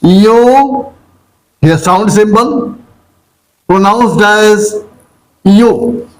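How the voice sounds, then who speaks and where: An Indian English man with a highish voice teaches pronunciation at a very slow, drawn-out pace. He spells each word out letter by letter and repeats it, often addressing his listeners as "dear". His delivery is patient and methodical, like a classroom lesson. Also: expressive, low-quality recording. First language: Hindi.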